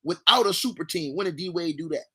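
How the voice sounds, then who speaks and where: Hyped high-voiced man trash-talking on stream. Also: animated, fast, breathy edge. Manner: loud, repetitive, trash-talking. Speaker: livestream sports commentator. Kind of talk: hyped livestream sports talk.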